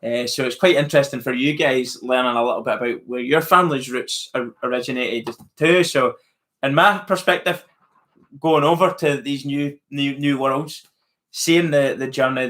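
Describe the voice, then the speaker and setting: A man's voice: mid-range voice, fairly bright tone. A man with a Scottish accent hosting a casual live-stream chat, musing aloud to viewers with plenty of fillers and restarts. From Scotland. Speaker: channel host answering live chat.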